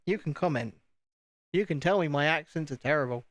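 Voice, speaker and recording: A chatty British man with a slightly higher voice, talking casually to his viewers and mocking himself as he works. The sound is dry and close, with no room around it. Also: brisk, dry recording. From United Kingdom. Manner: chatty, self-deprecating, talks to himself. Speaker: streamer. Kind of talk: casual chat while building.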